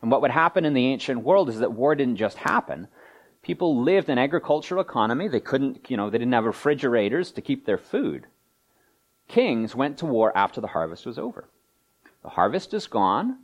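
Male pastor, lively pitch, sermon delivery with dramatic quoted voices. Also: fairly quick. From Canada. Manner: animated, acts out quoted voices with wide pitch swings.

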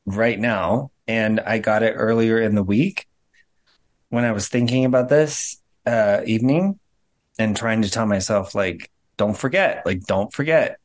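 A man hosting a casual video-call chat, speaking haltingly and laughing nervously as he describes a spiritual impression. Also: on the low side. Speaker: host. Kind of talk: casual group chat about a spirit reading.

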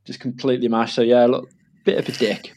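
A man's voice: medium pitch, level tone, a little fast, darkish tone, a little hiss or hum. A young man chatting casually, telling a rambling family story with laughs and acted-out quotes.

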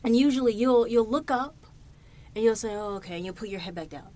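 A woman's voice: fairly high pitch, a little fast. Chatty swearing woman podcast host. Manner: chatty, swears freely, animated storytelling. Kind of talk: casual monologue. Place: recording studio.

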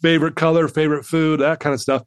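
Animated storytelling man, fairly high voice. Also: fast, clean tone, no room sound. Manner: animated, acts out the voices of people in his story. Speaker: podcast guest. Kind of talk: personal storytelling in an interview.

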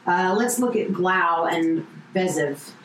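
A woman runs a tabletop game at an unhurried pace, her talk full of fillers and restarts. She sounds like she is in a roomy, echoing space with a faint background hum. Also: lowish voice. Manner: hesitant, many fillers and restarts. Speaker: dungeon master.

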